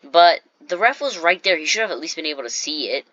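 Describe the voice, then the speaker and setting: A man's voice: on the high side, expressive, a little fast, bright, forceful tone. A teenage boy telling a story straight to his viewers, rambling with lots of "like"s and restarts. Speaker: vlogger. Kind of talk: casual storytelling to camera. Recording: slightly dull lo-fi recording.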